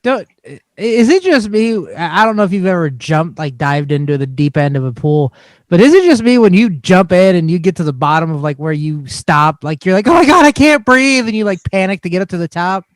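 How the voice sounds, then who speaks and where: A man with a high, smooth voice co-hosts a laid-back podcast, cracking self-deprecating jokes and laughing along. He sits close to the mic, and the sound is dry with no room echo. He speaks in an easy, casual way. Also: lively intonation, a little fast. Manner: joking, laughs often. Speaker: podcast co-host. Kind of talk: casual chat.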